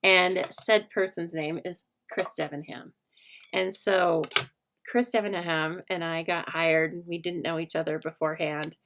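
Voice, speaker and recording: A woman's voice: fairly low pitch, fairly even intonation, a little slow, a bit bright, slight background noise. A middle-aged woman hosting a casual craft livestream, chatting with viewers in a rambling way and laughing often. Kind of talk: casual craft demo chat with live viewers.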